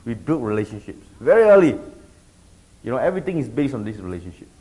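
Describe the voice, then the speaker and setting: A middle-aged man teaches a group about discipling, speaking fast in a medium-pitched voice. He is animated and keeps checking in with his listeners, and the recording is dull and lo-fi.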